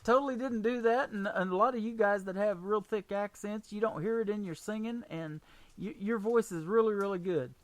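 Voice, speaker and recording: A woman with a Southern Missouri accent hosting a casual radio interview, chatty and quick to laugh, with rambling restarts. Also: mid-range voice, dry recording. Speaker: radio show host.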